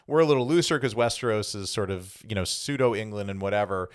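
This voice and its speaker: A man's voice: lowish voice, animated, quick pace, smooth, no room sound, studio quality. A man co-hosting a podcast, explaining things in a casual, rambling way full of restarts. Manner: rambling, self-correcting explanations. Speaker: podcast co-host. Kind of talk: casual chat.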